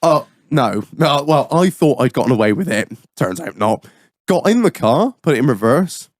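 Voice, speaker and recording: A man hosting a podcast, telling a road-rage story in a profane, animated way. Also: medium pitch, normal speed, no room sound, studio quality. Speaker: podcast host. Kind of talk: casual chat, storytelling.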